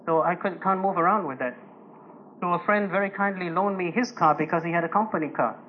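A man preaching a conversational sermon to a congregation, telling personal stories gently and with humor, chuckling now and then. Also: high voice, brisk. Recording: dull lo-fi recording with faint noise.

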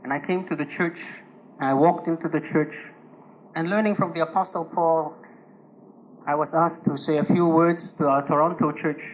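High-voiced gentle preacher, lo-fi recording. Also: male voice, fairly even intonation, normal speed. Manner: gentle, humorous storytelling with chuckles. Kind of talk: conversational sermon with personal stories. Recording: dull lo-fi recording with faint noise.

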